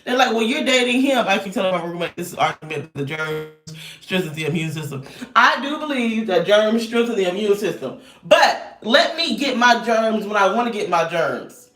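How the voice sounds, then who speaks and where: Animated ranting woman in an echoey room. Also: medium pitch, normal speed. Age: 30s. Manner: animated, loud, laughing often. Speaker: vlogger. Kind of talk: casual storytelling rant. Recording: roomy echo, distant mic.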